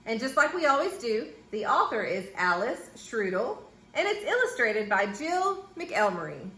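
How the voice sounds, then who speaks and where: A woman reading a children's picture book aloud in an expressive, sing-song way, slipping into playful squeaky voices for the characters. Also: moderate pace, echoey room. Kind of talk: children's storybook read-aloud.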